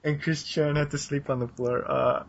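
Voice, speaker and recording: A man's voice: a little high, level tone, moderate pace, creaky. A man co-hosting a podcast, chatting casually and rambling with lots of fillers and laughs. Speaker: podcast co-host. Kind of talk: casual chat. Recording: dull lo-fi sound.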